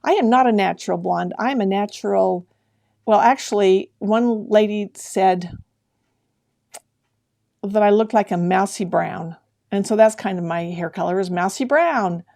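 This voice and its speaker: Gravelly-voiced woman chatting on a livestream. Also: mid-range voice, measured pace, darkish tone. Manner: chatty, greets viewers by name, laughs often. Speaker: sewing livestream host. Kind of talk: casual live-stream chat with viewers.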